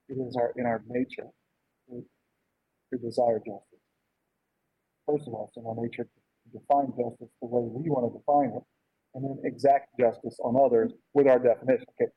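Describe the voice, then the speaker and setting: A man's voice: mid-range voice, husky, no room sound. A man preaching a conversational sermon in an informal way, often checking in with "right?". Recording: dull lo-fi sound.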